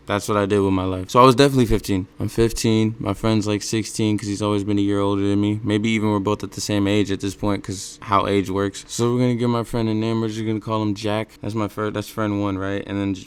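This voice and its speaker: Rambling young man, low smooth voice. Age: early 20s. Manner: rambling, self-correcting, loose slang. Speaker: storytime channel host. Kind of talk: casual storytelling. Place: seated indoors at home.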